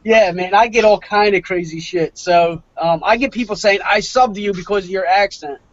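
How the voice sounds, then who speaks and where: High-voiced South Philly man, crude. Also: normal speed. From Philadelphia, USA. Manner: crude and laughing often. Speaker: podcast host. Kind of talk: casual podcast chat. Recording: muffled lo-fi with faint hiss.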